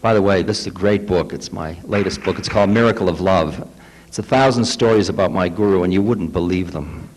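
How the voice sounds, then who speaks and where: A man's voice: sits low, a little fast, slight background noise, rough recording. A man in his fifties, a spiritual teacher telling stories and reading aloud to a live audience, wry and self-mocking. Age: 50s. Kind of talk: storytelling lecture. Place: lecture hall before an audience.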